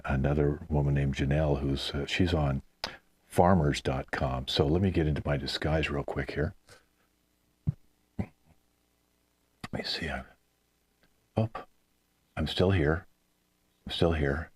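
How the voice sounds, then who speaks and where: A man hosting a live improvised comedy show over a video call, brisk and chatty. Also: rumbling low, a little mellow, husky, no room sound. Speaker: game show host.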